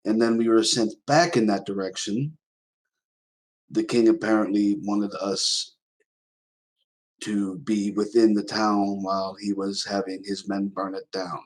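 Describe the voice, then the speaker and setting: An earnest young raccoon knight makes his case in formal speech, played by a man. He speaks low and unhurried. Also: little pitch movement, low-quality recording. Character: young raccoon knight, noble son, honor-bound.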